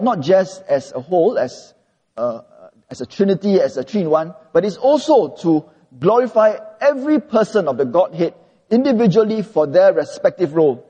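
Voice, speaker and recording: A man preaching an expository sermon, earnest and measured, slowing down when he reads scripture. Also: sits high, warm tone, husky, big-room sound.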